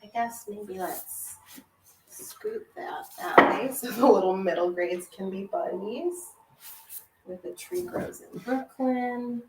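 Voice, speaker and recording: A woman's voice: mid-range voice, expressive, takes it slowly, far from the mic, heavy background noise. A woman book vlogger chatting casually to herself while shelving books at home. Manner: chatty, musing, half to herself. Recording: roomy, off-mic with faint ambience.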